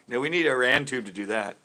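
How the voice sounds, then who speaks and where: At home on a relaxed live after-show stream, a man greets and answers viewers as they join. His mid-range voice is bright and forceful, and he laughs freely between chatty remarks.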